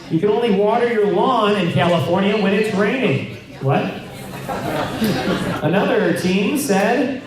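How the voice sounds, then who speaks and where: A man hosting a live trivia night, reading out answers to the crowd with wry, joking asides. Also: sits high. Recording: very echoey room, mic far off, loud crowd.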